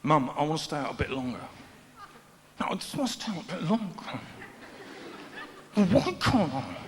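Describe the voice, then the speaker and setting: A man's voice: on the high side, slight background noise. A man acting out a teenage boy who pleads, whines and sulks on the phone. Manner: whining, rising to a shout. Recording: echoey hall, faint ambience.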